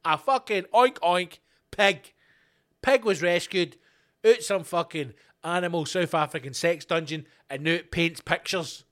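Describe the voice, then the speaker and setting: A Scottish man hosting his own podcast, ranting alone in a sweary, animated way and acting out little dialogues. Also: a little high, unhurried. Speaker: podcast host. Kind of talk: solo comedic rant.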